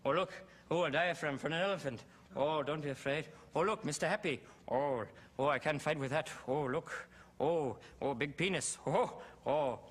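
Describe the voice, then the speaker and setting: A man's voice: on the high side, normal speed, fairly bright tone, breathy edge. A man impersonating a senile male comedian of about seventy, babbling scattered nonsense exclamations. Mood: manic.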